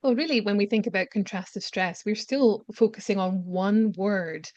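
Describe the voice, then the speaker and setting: A woman's voice: mid-range voice, moderate pace, darkish tone, no echo, lo-fi sound. A woman teaching pronunciation on a webinar panel, thinking aloud with restarts as she explains. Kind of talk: webinar discussion.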